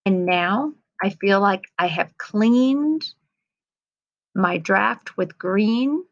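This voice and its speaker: Slow, patient woman teacher, gravelly voice. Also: medium pitch, no room sound. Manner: gentle, patient, reads aloud slowly. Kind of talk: modeling writing edits for young students. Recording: slightly dull lo-fi sound.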